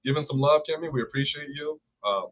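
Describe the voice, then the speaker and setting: A man's voice: on the high side, brisk. Rambling, upbeat man on a stream. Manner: enthusiastic, rambling, shouts out viewers. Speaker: co-host. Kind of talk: casual live-stream chat. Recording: dull lo-fi stream audio.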